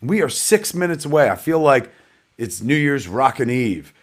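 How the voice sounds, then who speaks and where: A man's voice: mid-range voice, very animated, normal speed. A middle-aged man hosting a live online premiere show, rambling casually and poking fun at himself, dropping "man" and "kids" as he talks. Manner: chatty, rambling, self-deprecating, peppered with "man" and "kids". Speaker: host.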